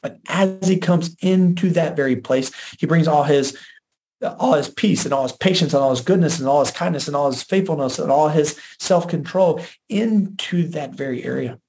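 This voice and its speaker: A man's voice: medium pitch, a little mellow. A man hosting a podcast, giving faith-based relationship teaching in an earnest way, with repeated phrases and frequent restarts. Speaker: podcast host.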